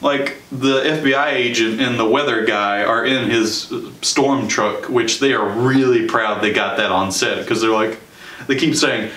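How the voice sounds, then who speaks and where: A young male show host gives a casual spoken movie review, sarcastic and chatty, with quick laughing asides. His mid-pitched voice is steady and sharp, caught by a distant, echoey mic that makes the sound roomy.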